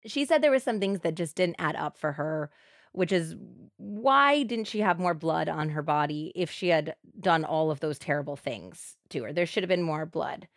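A woman co-hosting a podcast, telling a true crime story in an animated, expressive way. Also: sits low, normal speed, no room sound, clean studio sound. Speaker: podcast co-host.

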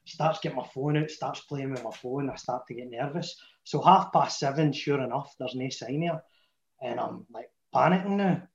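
A Scottish man in his thirties with a Glasgow accent, telling a long, sweary personal story to friends in a casual chat. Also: normal speed. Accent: Scottish, Glaswegian. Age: 30s. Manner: chatty, swearing, dropping to a low mutter for his inner thoughts. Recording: echoey room, muffled sound.

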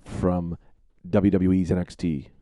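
A man co-hosting a comedy podcast, firing off quick deadpan jabs. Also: low-pitched, dry recording, clean studio sound. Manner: fast, deadpan needling jokes. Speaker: podcast co-host. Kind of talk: casual comedy chat.

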